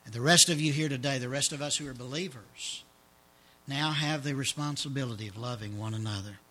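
A man pastor preaching a sermon in a church service, telling a story dramatically and dropping to hushed tones for emphasis. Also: mid-range voice, a little fast.

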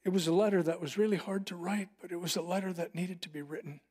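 A middle-aged man preaching a sermon, mixing Bible teaching with a personal story and slowing down to stress key phrases. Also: high-pitched, fairly even intonation, darkish tone. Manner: earnest, personal storytelling with slowed emphatic phrases. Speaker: pastor.

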